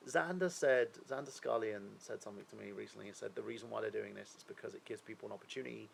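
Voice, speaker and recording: Rambling gravelly man chatting on a stream. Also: on the low side, slight background noise, low-quality recording. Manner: rambling, opinionated, asks viewers questions. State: unwell. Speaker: live stream host. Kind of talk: casual live-stream chat.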